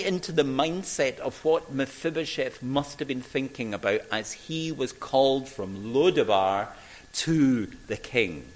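An older man from Scotland, preaching a sermon and telling stories with emphatic pauses and voices for the people he quotes. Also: mid-range voice, expressive, rough recording.

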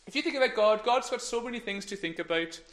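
A man's voice: high-pitched, lively intonation, fast, fairly bright tone. A middle-aged man gives a playful, encouraging children's talk in church on a microphone, sometimes dropping to a whisper. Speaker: minister giving a children's talk.

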